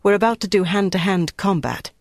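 A reader voicing a brisk woman team leader. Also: mid-range voice, no room sound, studio quality, pitched above the performer's own voice, close to an everyday voice. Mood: firm. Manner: brisk, firm.

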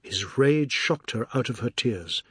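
Brief: male narrator, breathy texture, dead-dry booth, steady literary read. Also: medium pitch, dry recording. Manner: measured, even storytelling. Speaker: audiobook narrator.

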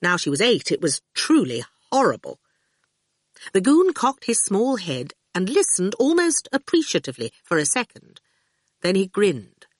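A woman narrates a novel with expressive storytelling, her pitch bouncing lively through each sentence. She sits close to the mic in a dry, dead studio sound. Her voice is of middling pitch. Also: normal speed, no room sound. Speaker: audiobook narrator. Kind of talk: scripted audiobook narration.

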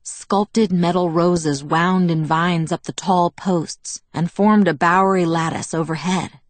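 A woman reading a novel aloud in first person, with a steady, measured delivery. Her voice is on the low side, recorded close and dry. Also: no room sound. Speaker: audiobook narrator.

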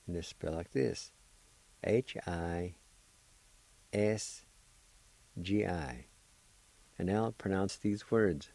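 A man's voice: lowish voice, a little slow, gravelly, mellow, no echo, rough recording. A middle-aged man patiently teaching pronunciation, breaking words into syllables and encouraging his listeners. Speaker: language teacher and radio host. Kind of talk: slow pronunciation lesson, spelling and syllables.

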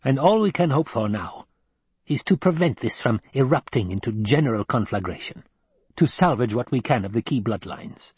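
A man's voice: medium pitch, expressive, normal speed, husky, no room sound, pitched above the performer's own voice. A man voicing a stern, domineering old woman elder in an audiobook reading, with a commanding, clipped manner. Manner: commanding and clipped, softening at times.

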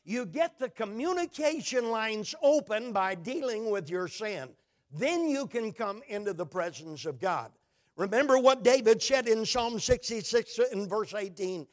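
A man's voice: high voice, animated, a little slow. A male preacher delivering a sermon, speaking emphatically and asking his congregation questions.

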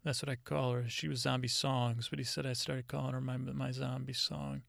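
Gravelly man rambling through a story. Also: medium pitch, flat delivery, a bit bright, no room sound, studio quality. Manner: halting, meandering delivery with frequent restarts. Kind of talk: rambling personal anecdote.

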